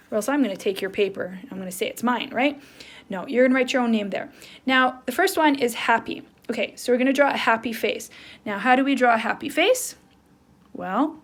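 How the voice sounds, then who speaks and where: A woman teacher giving an online lesson to young children, acting out faces and sounds, with many "right?" and "um" fillers. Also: fairly high pitch. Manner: animated, acts out facial expressions with sounds.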